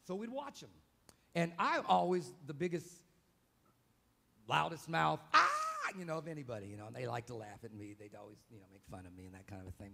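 A man preaching a live church sermon as pastor, dramatic and vocal, acting out scenes with sudden shouts. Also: mid-range voice, vocal fry, slight background noise. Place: church sanctuary, live service.

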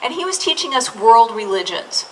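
A woman's voice: a little high, very animated, moderate pace, fairly bright tone, slight background noise. A woman pastor delivering a sermon, preaching in an earnest way and drawing out key words for emphasis. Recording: distant mic with faint room ambience.

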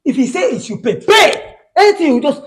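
Uma atriz fazendo uma vizinha nigeriana fofoqueira e exaltada. Voz aguda e muito expressiva, gagueja, ri no meio das frases e mistura pidgin. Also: female voice, high-pitched, sing-song, brisk. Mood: excited. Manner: stammers, laughs mid-sentence, mixes pidgin. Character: gossipy excitable neighbor woman, dramatic and superstitious. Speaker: comic skit actor. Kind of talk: comedy skit acting.

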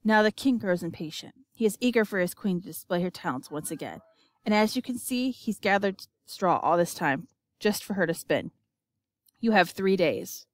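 A woman giving an expressive, measured audiobook narration. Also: mid-range voice, dry recording.

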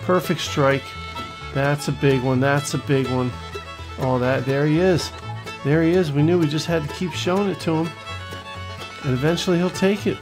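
A man hosting a gaming channel, giving casual, excitable gameplay commentary, talking to viewers and swearing when things go wrong. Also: fairly high pitch, normal speed, long pauses, over music, rough recording.

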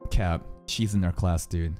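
High, lively ranting male streamer. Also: normal speed, faint music behind. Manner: profane and ranting, swings between loud excited yelling and low muttering; talks to chat viewers. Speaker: streamer reacting to an anime episode. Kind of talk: live reaction commentary.

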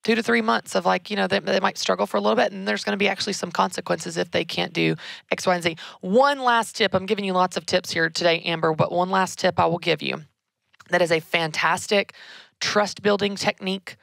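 Emphatic woman with a gravelly low voice. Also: fairly quick, no echo, studio quality. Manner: energetic, emphatic, repeats key words. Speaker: podcast host answering a listener question. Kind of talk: casual advice talk.

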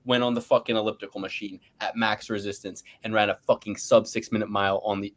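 A man co-hosting a podcast, ranting loudly and boastfully with big swings in pace and pitch and frequent laughter. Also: animated, brisk. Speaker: podcast co-host. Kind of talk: profane ranting fight predictions.

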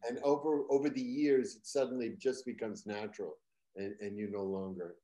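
An older man from Boston with a trained neutral American accent, a guest comedian telling stories in an interview and slipping into loud put-on local voices for punchlines. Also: on the low side, little pitch movement, moderate pace. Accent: General American, trained out of Boston. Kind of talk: interview storytelling.

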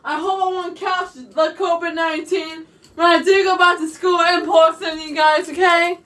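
A woman's voice: very high-pitched, flat delivery, normal speed, fairly bright tone, far from the mic. A young woman vlogging casually from her bedroom, rambling and repeating "you guys" over and over. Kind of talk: casual chat to camera.

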